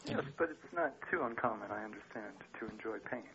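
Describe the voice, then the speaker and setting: A man's voice: fairly low pitch, lively intonation, a little fast, gravelly, highs cut off, heavy background noise. A man calling in to a radio show, telling his story matter-of-factly and laughing now and then. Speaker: caller.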